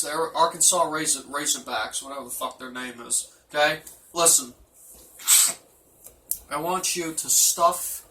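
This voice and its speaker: A man rambles through a profane, mock-gruff locker-room roll call. His voice is bright and fairly high, heard from a distance in an echoey room. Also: slight background noise. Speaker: team manager giving a speech.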